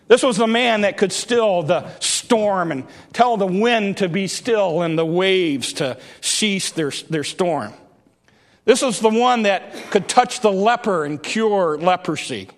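A man's voice: high-pitched, slow. A male preacher delivering a sermon, retelling a story dramatically and acting out the voices.

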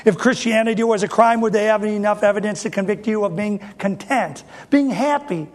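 A man's voice: sits high, a little fast. A man in his fifties preaching a sermon as a pastor, folksy and emphatic, with repeated rhetorical questions.

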